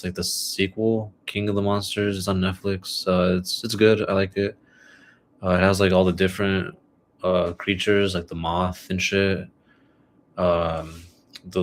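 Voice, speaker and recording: A young man talks alone into his podcast mic, rambling about his week and his game picks in a relaxed, halting way full of fillers. His voice sits low and barely moves in pitch. A faint hum of room noise runs underneath. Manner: rambling, filler-heavy, laid-back. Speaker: podcast host. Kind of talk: casual solo podcast chat.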